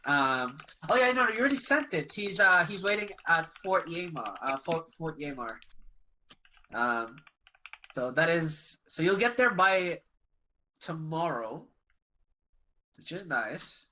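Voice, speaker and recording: A game master narrating a tabletop game in a halting way, full of pauses and fillers. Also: mid-range voice, expressive, pushed and bright, slight background noise, low-quality recording.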